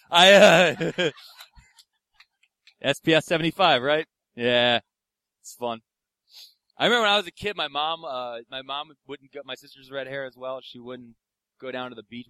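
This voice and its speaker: A man's voice: medium pitch, sharp tone. A young man doing a profane stand-up comedy set, ranting and acting out the people in his stories. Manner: profane, ranting, acts out quoted voices.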